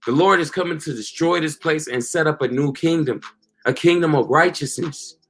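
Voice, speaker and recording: Slangy man preaching, a bit high. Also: normal speed, a bit bright. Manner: casual slang, repeats "you know" and "okay". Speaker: street preacher. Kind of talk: informal preaching monologue.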